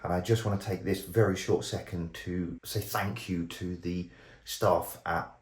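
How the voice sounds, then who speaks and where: A man's voice: deep voice, steady tone, measured pace, husky. A man chatting casually to an action camera while out running, a little out of breath at times. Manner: chatty, talks straight to camera. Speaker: tech reviewer. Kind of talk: casual vlog chat. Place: outdoors on a run. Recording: outdoor noise and wind.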